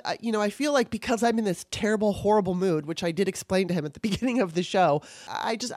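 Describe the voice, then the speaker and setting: A woman hosting her podcast alone, upset and tearful, talking candidly with frequent swearing and halting restarts. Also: medium pitch, darkish tone, dry recording. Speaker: podcast host. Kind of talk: emotional solo podcast monologue.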